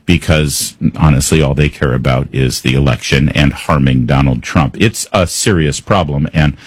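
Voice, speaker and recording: Male talk host, deep husky voice, dry booth sound, sarcastic commentary. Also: normal speed, dry recording. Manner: sarcastic, exasperated asides. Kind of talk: opinionated news commentary.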